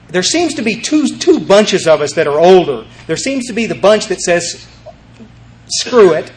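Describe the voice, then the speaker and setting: An older man sharing his recovery story at a meeting, telling it in a lively, animated way and acting out the voices of the people in it. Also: sits high. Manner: animated storyteller, acts out voices, many restarts.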